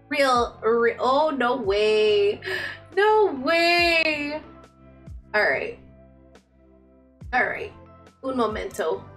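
A woman live-streaming a game, chatting with viewers and shrieking with excitement during tense moments. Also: on the high side.

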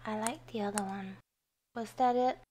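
A woman's voice: medium pitch, steady tone, moderate pace, mellow, slight background noise. A young woman giving chatty gameplay commentary, easily startled and swearing when frustrated. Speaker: gaming youtuber. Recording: faint game music behind.

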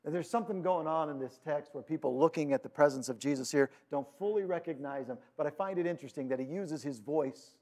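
Man preaching, tells the story big then drops to a hush, kinda high voice. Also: fast, hardly any pauses. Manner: dramatic swings from loud and urgent to hushed and quiet; storytelling, paraphrasing scripture. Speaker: pastor. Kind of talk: sermon.

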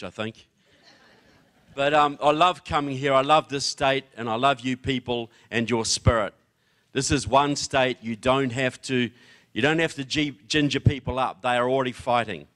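A man's voice: mid-range voice, fairly even intonation, normal speed, fairly bright tone. A middle-aged man from New Zealand with a New Zealand accent, giving a political speech to a live audience, with joking, folksy asides to the crowd. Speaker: guest speaker.

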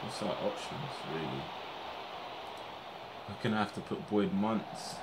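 A young man commentating on his football management game, getting excited and shouting at his players on screen. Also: lowish voice, measured pace, pauses often, background noise. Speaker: gaming streamer.

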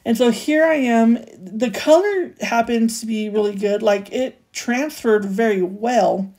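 A woman's voice: a little high, measured pace, a little mellow. A young adult woman hosting a craft channel, chatting casually through a voice-over tutorial, self-mocking and full of fillers like "like" and "you know".

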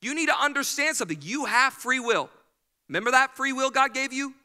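A man's voice: very high-pitched, expressive, fairly quick, bright, forceful tone, clear, resonant tone. A male pastor preaching a sermon with energy, acting out the people he quotes. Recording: hall reverb.

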